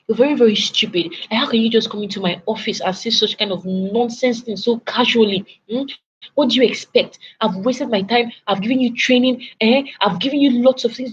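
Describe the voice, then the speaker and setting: A woman's voice: medium pitch, natural voice. A woman voicing a furious, arrogant male boss who rants and hurls insults, on a lo-fi recording with faint noise. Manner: shouting insults, indignant.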